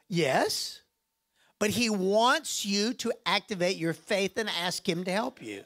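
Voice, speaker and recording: A man preaching a sermon in a church with a lively, animated delivery. He jokes with the room and often acts out other voices as he talks. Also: sits high, takes it slowly. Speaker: guest preacher.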